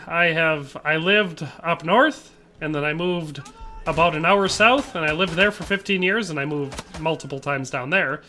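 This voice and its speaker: Man, game streamer, chatty, reads chat aloud, somewhat high pitch, bright forceful tone. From Wisconsin, USA. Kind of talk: casual live-stream chat while gaming.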